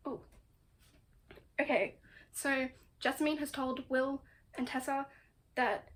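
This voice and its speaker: A woman with a high voice recapping a book in a casual, chatty way. She tells it dramatically and sounds exasperated, with "like" sprinkled through every sentence. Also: takes it slowly, a bit bright, slight background noise. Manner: chatty, full of "like". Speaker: book vlogger.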